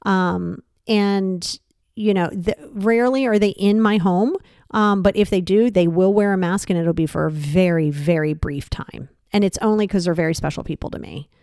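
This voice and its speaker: A woman's voice: moderate pace, clear, resonant tone, no room sound, clean studio sound. Blunt, frank woman in her fifties. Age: 50s. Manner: blunt and frank, swears casually; animated, pitch jumps for emphasis. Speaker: podcast host. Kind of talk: casual monologue.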